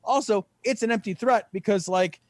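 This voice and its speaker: Sarcastic, high-voiced male podcast co-host. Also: normal speed, dry recording, studio quality. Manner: sarcastic, profane, many "like" fillers. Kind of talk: casual chat.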